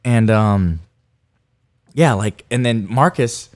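A man's voice: fairly low pitch, expressive, takes it slowly, a little mellow. A man co-hosting a podcast, telling rambling stories with many fillers and laughs. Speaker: podcast co-host. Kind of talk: casual storytelling chat.

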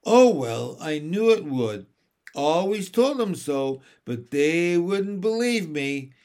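Man voicing a cheeky old starling, shrill and wheedling, storybook bird, high voice. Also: sing-song, takes it slowly, darkish tone, full character voice. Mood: wistful. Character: cheeky old male starling, chatty and perky.

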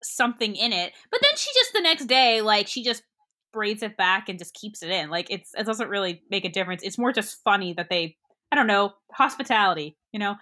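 A woman co-hosting a podcast, retelling a film scene by scene in animated, casual chat and laughing often. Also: mid-range voice, brisk. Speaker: podcast co-host.

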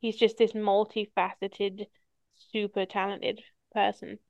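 A woman's voice: mid-range voice, level tone, a little slow, no echo. A woman hosting a podcast, telling stories in casual chat and swearing freely. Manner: chatty storyteller, swears casually. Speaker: podcast host.

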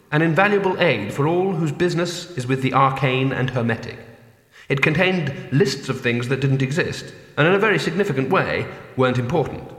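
A man narrating an audiobook in a dry, measured storytelling manner. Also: mid-range voice, fairly bright tone, slightly rough, no echo. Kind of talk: scripted narration.

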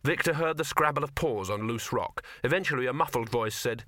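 A man narrating a comic fantasy novel as an audiobook reader, in a dry, measured way. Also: medium pitch, bright, forceful tone, dry recording. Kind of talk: scripted narration.

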